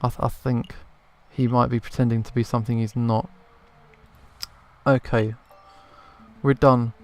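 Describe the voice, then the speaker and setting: Male gamer commentating casually, halting, mid-pitched. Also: level tone, darkish tone. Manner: thinking aloud, hesitant restarts. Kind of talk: casual let's play commentary.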